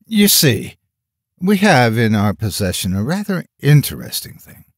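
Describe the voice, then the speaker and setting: A man voicing a smooth, menacing male cult leader who speaks politely and without hurry. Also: medium pitch, sing-song, a little slow, no echo, studio quality, voice pushed up. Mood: calm sinister.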